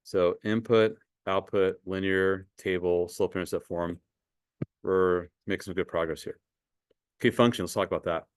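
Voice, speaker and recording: A man's voice: deep voice, fairly even intonation, normal speed, clear, resonant tone, no room sound, clean studio sound. A man teaching a math class in a conversational way, asking students questions and often repeating words. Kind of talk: classroom lecture.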